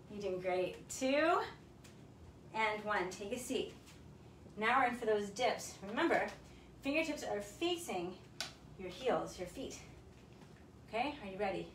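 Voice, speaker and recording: A woman's voice: mid-range voice, a bit bright, a little hiss or hum. A woman fitness instructor, out of breath, counting reps aloud and cheering viewers on through a bodyweight workout in her home garage. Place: un-air-conditioned home garage. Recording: echoey garage, mic at a distance.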